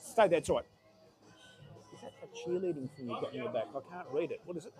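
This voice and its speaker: A man announcing lifters at a powerlifting competition, chatty and musing aloud between loud cheers for good lifts. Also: on the high side, lively intonation, quick pace, music in the background. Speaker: meet announcer. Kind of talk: live powerlifting commentary.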